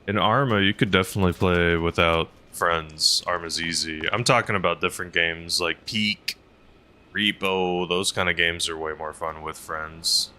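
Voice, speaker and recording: Low-voiced man streaming a game. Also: moderate pace. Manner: relaxed, laughs often, chats with viewers. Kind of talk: casual gameplay commentary to chat.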